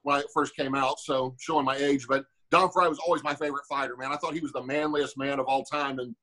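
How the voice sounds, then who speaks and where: A man's voice: mid-range voice, fast talker, low-quality recording. A man in his forties, a former fighter, telling a rambling, profane story on a podcast and acting out the voices of the people in it. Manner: animated, acts out quoted dialogue.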